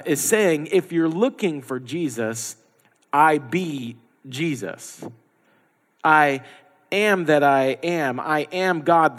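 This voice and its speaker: Man, pastor, sermon, animated preaching, long hall reverb. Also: medium pitch. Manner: lively, animated preaching with acted-out quotes.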